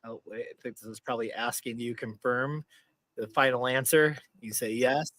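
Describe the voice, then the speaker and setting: Male podcast host, rambling, restarts a lot, bright voice, dry close sound. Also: mid-range voice, moderate pace, dry recording. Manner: rambling, self-interrupting, laughs often. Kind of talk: casual sports chat.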